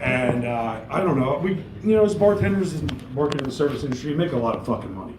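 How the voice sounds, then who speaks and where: A middle-aged man works a live comedy stage, rambling through crude stories full of swearing. His voice sits at an ordinary middle pitch. The room around him is echoey, with faint ambience underneath. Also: animated, fast talker, background noise. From New York. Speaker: stand-up comic. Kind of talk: stand-up comedy set.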